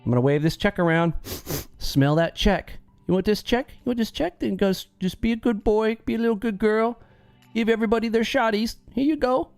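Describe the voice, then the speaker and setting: A man's voice: high voice, a little fast, darkish tone, smooth, soft background music, voice pushed up. Man doing a sneering, singsong boss. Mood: taunting. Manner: taunting, singsong, mocking. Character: sneering male boss dangling a paycheck.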